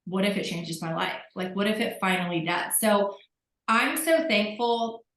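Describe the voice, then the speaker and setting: A woman's voice: medium pitch, animated, measured pace, fairly bright tone, roomy sound, rough recording. A woman telling her story candidly on a group call, acting out what people said. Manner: candid, self-mocking storyteller who acts out quotes.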